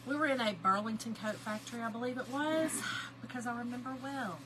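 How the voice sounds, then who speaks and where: A middle-aged woman, chatting and telling animated family stories to viewers while she crafts on a livestream. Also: on the high side, brisk, noisy background. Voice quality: lively, animated storyteller, greets chat viewers by name.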